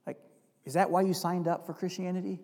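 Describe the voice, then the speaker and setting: Pastor guy preaching, kinda high voice, big echoey hall, gets loud then goes quiet and confessional. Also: flat delivery, brisk. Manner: preaching with rising emphatic stretches and quiet confessional asides; reads scripture aloud. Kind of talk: sermon. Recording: long hall reverb.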